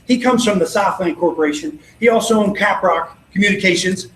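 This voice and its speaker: A man with a high voice leads a motivational sales training, telling stories and acting out both sides of the dialogue. He sounds confident and persuasive. The room is echoey, with a faint hiss of noise underneath. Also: brisk, fairly bright tone. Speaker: network marketing trainer. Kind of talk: motivational training talk with storytelling. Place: event venue.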